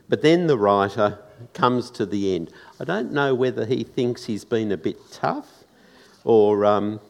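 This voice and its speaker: A man's voice: medium pitch, in a large hall. A man preaching a sermon in a church, earnest and conversational, full of rhetorical questions.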